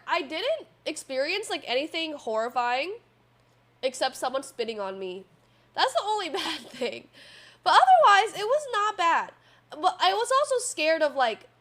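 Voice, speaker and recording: A young woman livestreamer tells stories to her viewers in a high, very lively voice. She rambles with lots of fillers and the odd swear, and faint music plays behind her. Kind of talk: casual stream chat, storytelling.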